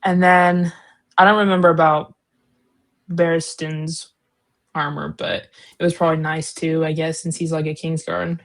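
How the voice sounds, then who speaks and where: A woman with a somewhat low voice chats through a book recap in a loose, rambling way. She leans on fillers and slang, often breaks into giggles, and loses her train of thought along the way. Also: level tone, moderate pace, pauses often. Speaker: co-host, daughter. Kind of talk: casual book discussion.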